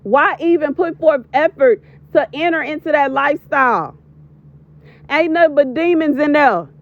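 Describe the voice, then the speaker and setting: A woman's voice: sits high, animated, moderate pace. A woman in her thirties giving an emphatic, preachy prophetic warning as a voiceover, repeating lines for stress. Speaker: prophetic video creator. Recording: dull lo-fi voiceover.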